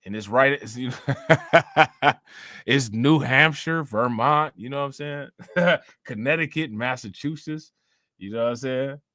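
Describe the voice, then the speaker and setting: A man's voice: mid-range voice, unhurried, sharp tone, no echo, studio quality. A man hosting a live stream, talking loosely and profanely, laughing often and repeating himself. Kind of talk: casual live-stream commentary.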